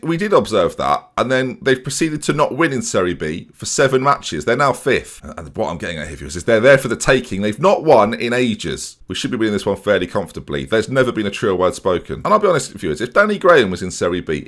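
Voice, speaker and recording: Fast-talking, animated young man gaming. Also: on the low side. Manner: mock match-commentator, keeps addressing viewers, excitable outbursts. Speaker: gaming YouTuber. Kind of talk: playing football-management video game with commentary.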